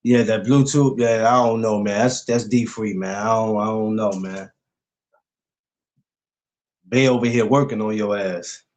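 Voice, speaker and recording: A man's voice: lowish voice, fairly even intonation, a little slow, pauses often, a little mellow. A man hosting a casual podcast livestream, easygoing, laughing a lot and greeting viewers. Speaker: podcast host.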